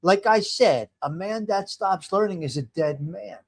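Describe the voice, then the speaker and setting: The voice is high with vocal fry, and the pace a little slow. It belongs to a man in his fifties running a casual live stream from home, greeting viewers by name and rambling as he keeps restarting his sentences.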